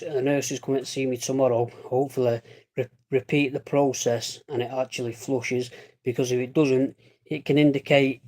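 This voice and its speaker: A man's voice: on the high side, darkish tone. Chatty man, rambling livestream talk. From Britain. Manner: rambling and chatty, with jokey asides and mild swearing. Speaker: vlogger living with a lung condition. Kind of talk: casual livestream chat.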